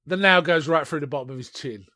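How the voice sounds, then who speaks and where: A man on a podcast, casually retelling a film in a rambling, animated way with restarts. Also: on the high side, fast talker, dry recording, studio quality. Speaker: podcast co-host. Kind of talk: casual chat reviewing a film.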